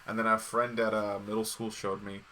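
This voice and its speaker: Man, casual podcast host, rambling, swearing, lowish voice, crisp bright tone. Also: level tone, brisk, a little hiss or hum. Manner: rambling, profane, full of fillers and restarts. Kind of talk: casual chat.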